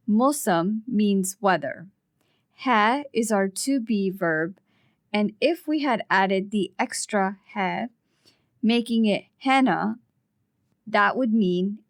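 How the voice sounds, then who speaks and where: Woman podcast co-host, patient step-by-step teacher, unhurried delivery with vocal fry. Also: mid-range voice, no room sound, clean studio sound. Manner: patient, explains words step by step. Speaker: Urdu language co-host. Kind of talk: podcast language lesson.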